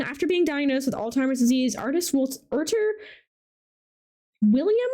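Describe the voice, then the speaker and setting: This woman's voice sits high and sounds mellow. She hosts a live stream featuring community art, talking casually and responding animatedly to the artwork viewers send in.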